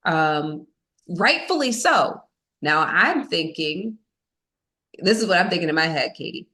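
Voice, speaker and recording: A woman's voice: lowish voice, animated, unhurried, pushed and bright. A woman as a podcast guest, telling a personal story in a candid, self-mocking way, with many fillers.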